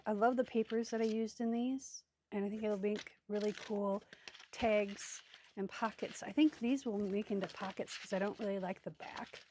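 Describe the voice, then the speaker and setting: Woman crafter, casual rambling chat, mid-pitched voice, faint background clicks. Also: mellow, slight background noise. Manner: rambling, thinking aloud, many ums and trailing asides. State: hiccups. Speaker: craft video host.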